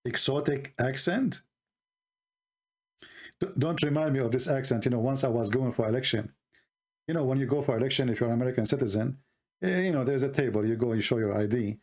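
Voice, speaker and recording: A man's voice: medium pitch, fairly quick, pauses often, a little mellow. A man from the Middle East with an Arabic accent, talking in a mocking, ironic monologue full of rambling asides. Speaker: online commentator. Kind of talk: sarcastic monologue.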